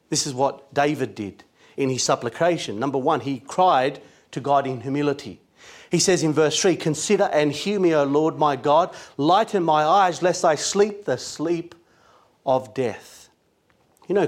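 Male preacher, earnest sermon delivery, slightly higher voice. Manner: earnest, emphatic preaching with scripture quotes.

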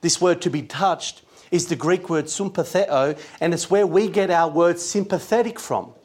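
Male preacher, earnest sermon delivery, slightly higher voice. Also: normal speed, a little mellow. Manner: earnest, emphatic preaching with scripture quotes.

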